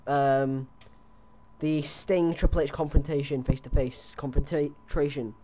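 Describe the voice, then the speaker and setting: A man's voice: fairly high pitch, flat delivery, unhurried, warm tone, slight background noise. A young man on a headset, chatting loosely through his predictions with lots of fillers and restarts. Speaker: host. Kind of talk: casual wrestling predictions chat.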